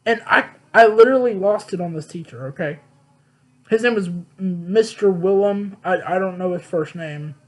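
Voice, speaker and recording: A man's voice: high-pitched, normal speed, low-quality recording. A young man vlogging, telling a personal story in a blunt, candid way and swearing freely. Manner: blunt, profane, emphatic.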